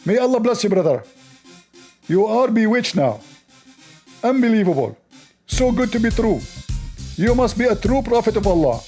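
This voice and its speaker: A man putting on a high, mocking voice that cheers someone on. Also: very animated, normal speed, long pauses, dark tone, soft background music. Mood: mocking, gleeful. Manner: mocking, sing-song encouragement. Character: shrill man egging someone on with mock cheers.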